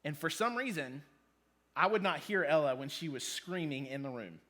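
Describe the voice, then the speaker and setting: A man's voice: on the high side, lively intonation, moderate pace, fairly bright tone. A man in his thirties giving a casual youth sermon, joking and saying um a lot. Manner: casual, joking, with many ums. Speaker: youth pastor. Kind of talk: sermon to students.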